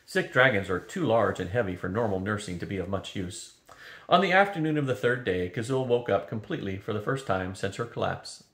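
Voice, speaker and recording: An older man reading a fantasy novel aloud, steady and unhurried. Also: lowish voice. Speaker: storyteller. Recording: roomy echo.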